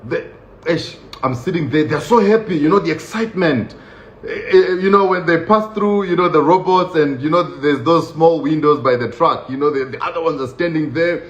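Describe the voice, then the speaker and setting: A man telling his own story in a casual, animated way, laughing often and acting out the voices of others. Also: fairly high pitch, normal speed. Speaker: show host recounting his own experience. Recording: roomy, dull lo-fi sound with faint hiss.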